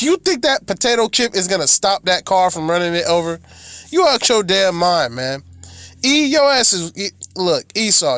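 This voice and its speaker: A man's voice: fairly high pitch, fairly bright tone. A man from the American South with a Southern accent, preaching a fiery, profane sermon and chanting prayers in rhythm. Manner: brash, profane, taunting. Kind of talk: fiery street-style sermon.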